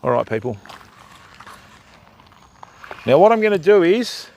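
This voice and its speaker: Gravelly older Australian fishing host. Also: male voice, high voice, very animated, quick pace, darkish tone, a little hiss or hum. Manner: chatty, keeps addressing viewers as mate and bud. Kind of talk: casual live-stream commentary. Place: outdoors by a river at night, wading in the water.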